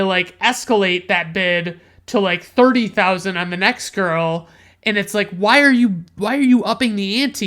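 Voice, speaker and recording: A man's voice: high-pitched, pushed and bright, clean tone. A man giving a casual, rambling movie review, full of curse words and "like" and "you know," sounding incredulous and sarcastic. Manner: rambling, profane, heavy use of "like" and "you know".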